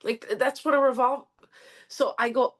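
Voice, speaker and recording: A woman's voice: sits high, normal speed. Brash Philadelphia woman telling stories. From Philadelphia area. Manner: brash, animated storyteller acting out quotes. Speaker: stand-up comedian guest. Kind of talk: casual storytelling chat.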